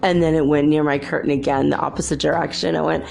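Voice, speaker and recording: A woman with a low voice and a gravelly, creaky edge talks in a loose, rambling storytelling manner as a podcast host. She keeps it chatty and laughs often, with faint guitar music in the background. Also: flat delivery, fast talker, a little mellow. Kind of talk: casual storytelling monologue.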